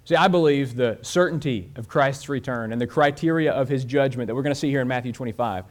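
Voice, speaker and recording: A man preaching a sermon, telling a story and speeding up and slowing down as he goes. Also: mid-range voice. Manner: storytelling with shifts of pace and loudness. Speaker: pastor.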